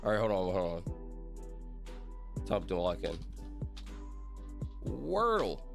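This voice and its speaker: A man's voice: deep voice, wildly swooping pitch, takes it slowly, gravelly, over music. Guy rambling on his stream, voice bouncing all over, laughs a lot, keeps saying sorry. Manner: rambling, laughs often, apologizes repeatedly. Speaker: livestreamer. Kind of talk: casual livestream chat.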